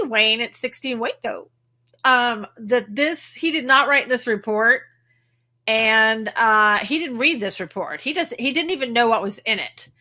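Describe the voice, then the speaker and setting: A woman's voice: fairly high pitch, pushed and bright. A woman with a Texan accent hosting a casual livestream, chatting and greeting viewers by name as she talks. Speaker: livestream host. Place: home in Texas.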